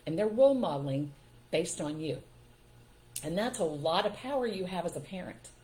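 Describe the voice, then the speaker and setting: An older woman hosting a live stream, giving parenting advice in a relaxed, emphatic way and acting out what to say to children. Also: on the low side. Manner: emphatic and instructive, acts out what parents should say.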